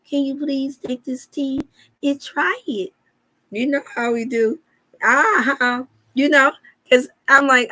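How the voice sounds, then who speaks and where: A woman's voice: on the high side, a bit bright. Folksy woman hosting a wellness chat. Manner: folksy, preachy, addresses viewers as y'all. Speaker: wellness show host. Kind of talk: casual live-stream chat.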